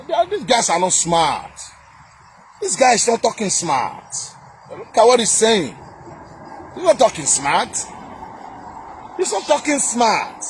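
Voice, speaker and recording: A man's voice: high-pitched, slight background noise. A man with a Nigerian accent in a heated political rant, scornful and repetitive, with many fillers and restarts. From southern Nigeria. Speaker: commentator reacting to a video.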